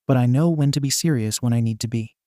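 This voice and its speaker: A man's voice: medium pitch, fast, dark tone, no room sound, studio quality, close to an everyday voice. A man voicing a defensive teen boy in a fan fiction reading, stammering out his protests. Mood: protesting.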